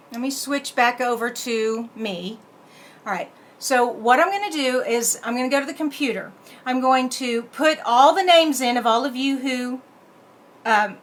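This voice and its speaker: A woman's voice: high-pitched, a bit bright. Chatty woman in an echoey room. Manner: chatty, talks to herself while working the computer. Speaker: card-making channel host. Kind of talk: casual live stream chat. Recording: echoey room with faint background noise.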